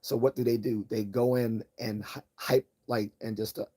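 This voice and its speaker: Calm, mellow-voiced man rambling on a livestream. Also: normal speed. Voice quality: calm, low-key voice. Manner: tangent-prone, many restarts and repeated words. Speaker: livestream host. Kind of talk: rambling casual monologue.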